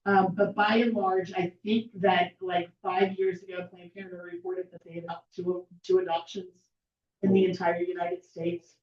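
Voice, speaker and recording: A woman's voice: lowish voice, level tone, normal speed. Brief: woman presenter, emphatic, in a roomy hall, mic far off. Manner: emphatic, rhetorical questions. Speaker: speaker at a political meeting. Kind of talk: persuasive presentation. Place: meeting hall. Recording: echoey room from far off, dull lo-fi.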